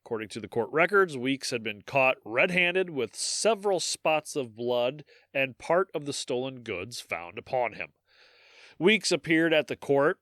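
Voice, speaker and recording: A man's voice: mid-range voice, fairly bright tone, no echo, clean studio sound. A man co-hosting a podcast, reading history aloud and breaking off into profane, joking asides. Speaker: podcast co-host.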